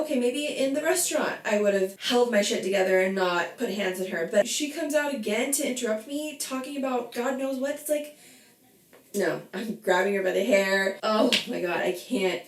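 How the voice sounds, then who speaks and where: A woman's voice: medium pitch, creaky, reverberant, far from the mic. A woman hosting a reality TV reaction video, a bit tipsy, ranting bluntly and swearing as she recaps. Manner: blunt, profane, heated. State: a little tipsy. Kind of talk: casual reality TV recap rant.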